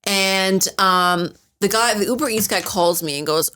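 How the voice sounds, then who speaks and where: A woman's voice: mid-range voice, unhurried, pushed and bright, clean tone. A young woman co-hosting a podcast, telling stories animatedly and acting out the dialogue. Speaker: podcast co-host. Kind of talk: casual storytelling chat.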